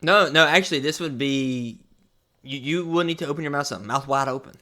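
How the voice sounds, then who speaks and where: A man co-hosting a podcast in casual banter, playful and quick to laugh. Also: mid-range voice. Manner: animated, laughs easily, playful. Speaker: podcast co-host.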